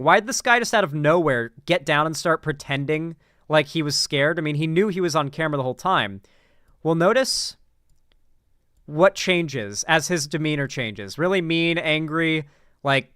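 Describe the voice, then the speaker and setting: A man's voice: a little high, normal speed, a bit bright, no room sound, clean studio sound. A man hosting casual political reaction commentary, rambling with many fillers, restarts and blunt swearing.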